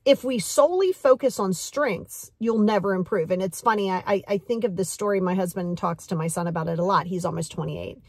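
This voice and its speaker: A woman's voice: medium pitch, brisk, few pauses, slightly rough, dry recording, studio quality. A woman in her forties giving a motivational talk as a life coach, earnest and direct, repeating key phrases for emphasis.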